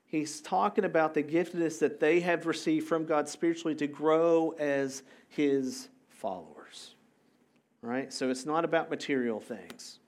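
A man delivers a sermon in a relaxed, talkative way, pitched a little higher than most men. He often turns to the congregation with quick questions and asides. His delivery is animated and informal. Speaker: pastor. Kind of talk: conversational sermon.

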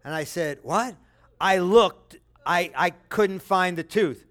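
Animated high-voiced male preacher. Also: slow pace. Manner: animated storytelling, acts out voices with loud high bursts. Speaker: pastor. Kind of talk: sermon.

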